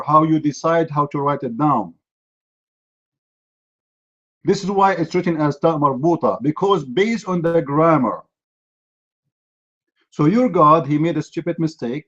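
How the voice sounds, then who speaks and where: A man with a voice sitting a little high hosts a live online debate that's gotten heated, combatively lecturing and mocking his opponent. His audio comes across dull and lo-fi.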